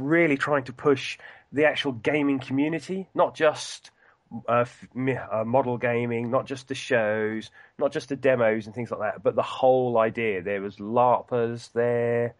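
A man's voice: medium pitch, no echo. A man with a Norfolk accent, a podcast guest chatting casually, hesitant with many fillers. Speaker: podcast guest from a gaming shop.

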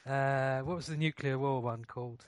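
A man's voice: mid-range voice, steady tone, moderate pace, dry recording. A man in casual chat, hesitant at times, with a dry sense of humour.

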